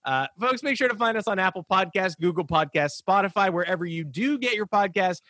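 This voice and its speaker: Man, podcast host, bright voice, slightly high, rambling and opinionated, dry sound. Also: lively intonation, brisk, no echo. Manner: rambling, self-interrupting, opinionated. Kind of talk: casual sports podcast chat.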